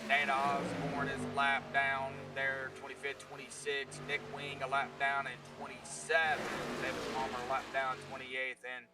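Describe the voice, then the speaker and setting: A man's voice: mid-range voice, completely flat delivery, normal speed, few pauses, over music. A man doing laid-back sim racing play-by-play commentary, with self-deprecating banter between calls. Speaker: race commentator. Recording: distant mic with clear background noise.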